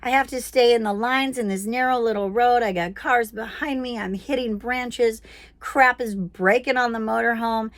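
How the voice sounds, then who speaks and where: Woman, casual personal storytelling, animated and prayerful, dry close sound. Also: a little high, moderate pace, dry recording. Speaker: speaker telling a personal faith story.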